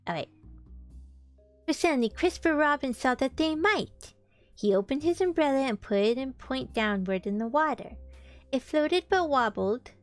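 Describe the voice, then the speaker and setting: A young woman streamer reading a storybook aloud, animated, with chatty asides to her viewers. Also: high voice, moderate pace, no room sound. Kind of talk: casual read-aloud stream. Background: faint background music.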